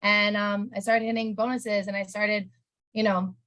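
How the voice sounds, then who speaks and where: A woman's voice: mid-range voice, level tone, normal speed, fairly bright tone. A woman telling her own story in an interview, casual and rambling, emotional and full of "like". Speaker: interview guest, sales promoter.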